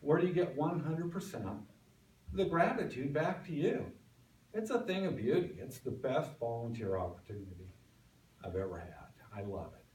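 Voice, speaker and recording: A man's voice: medium pitch, animated, normal speed, a little mellow. Man giving a folksy club speech. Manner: folksy, storytelling. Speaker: club speaker. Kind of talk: prepared speech. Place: meeting room. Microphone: distant room mic. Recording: echoey room from far off.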